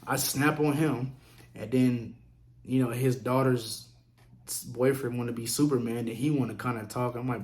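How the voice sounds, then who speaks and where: A man casually telling a story on his vlog, profane and animated, acting out what others said. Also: medium pitch, moderate pace. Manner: profane, animated, acts out quotes. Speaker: vlogger.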